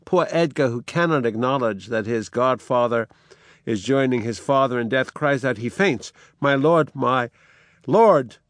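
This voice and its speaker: An older man giving a literature lecture, speaking slowly and deliberately and rising into impassioned recitations of verse. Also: mid-range voice, no room sound. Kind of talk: literature lecture with dramatic readings.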